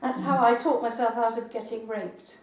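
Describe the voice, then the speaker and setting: An older woman poet giving a live poetry reading in a meeting house, with measured recitation and hesitant spoken asides. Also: fairly high pitch, fairly even intonation, slight background noise. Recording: roomy live recording from far off.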